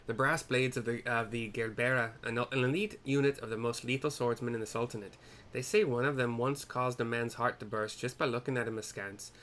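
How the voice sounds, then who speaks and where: A man's voice: mid-range voice, a little fast, a bit bright, a little hiss or hum, natural voice. Brief: man playing a pompous rich merchant, loose Irish lilt, haughty and dismissive, game cutscene. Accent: loose put-on Irish. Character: pompous wealthy male merchant, small and protective. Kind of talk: game cutscene voice acting by a narrator.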